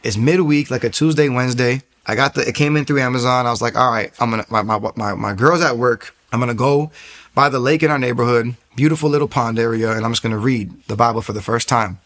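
A man's voice: medium pitch, fast talker. A young man from the United States, casually telling his personal testimony and acting out the people he quotes. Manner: animated, acts out quoted voices.

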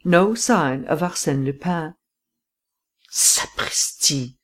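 A reader giving measured, dramatic first-person audiobook narration. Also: medium pitch, expressive.

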